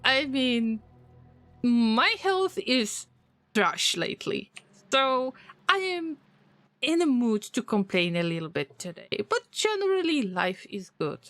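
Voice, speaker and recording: A woman with a fairly high voice streams a game and chats with her viewers, joking and teasing as she goes. Her pitch swings widely and she speaks slowly, drawing out her words. Faint music runs underneath. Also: a bit bright. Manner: playful, teasing, answers chat messages with jokes. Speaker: gaming streamer. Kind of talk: casual live-stream chat while playing.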